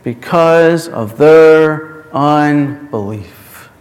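Casting: a high-voiced male preacher, unhurried and emphatic, in a reverberant hall. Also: a little mellow. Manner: storytelling, emphatic. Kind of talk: sermon.

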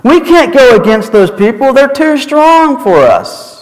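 A man acting out frightened spies who frantically protest in a high voice. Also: very animated, unhurried, exaggerated voice. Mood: panicked. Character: panicked group of frightened spies. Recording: long hall reverb.

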